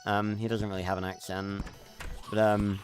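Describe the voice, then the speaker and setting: A man's voice: fairly low pitch, flat delivery, moderate pace, faint music behind. A man livestreaming a game, chatting casually and rambling with lots of fillers and restarts. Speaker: streamer. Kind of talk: casual gameplay livestream chat.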